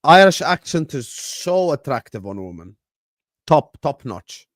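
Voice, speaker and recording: A man's voice: very animated, a little slow, no room sound, studio quality. Slangy, joking young man streaming live. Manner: rambling and jokey, with slang and swearing; drops to low mock-sad mumbles, then loud bursts at match action. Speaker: streamer hosting a football watchalong. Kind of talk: casual live-stream chat.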